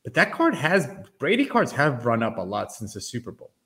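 A man co-hosting a casual sports and trading-card chat, explaining his points eagerly and in an animated way. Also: mid-range voice, brisk. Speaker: co-host.

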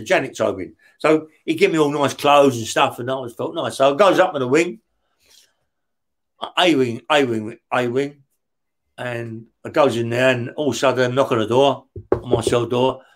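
A middle-aged man tells prison stories in an interview, swearing heavily and acting out the dialogue. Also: mid-range voice. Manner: heavy swearing, acts out the dialogue in his stories. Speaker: guest, former career criminal. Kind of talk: casual storytelling in an interview.

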